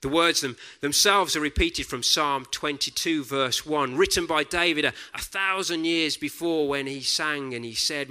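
A man preaching a sermon in a deliberate, reflective way, often dropping to a soft hush on key words. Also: on the high side, clear, resonant tone.

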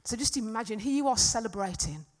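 A woman preaching a sermon to a congregation, earnest and emphatic, swinging from loud peaks to soft, quiet stretches. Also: fairly high pitch, animated, quick pace. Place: church hall with congregation.

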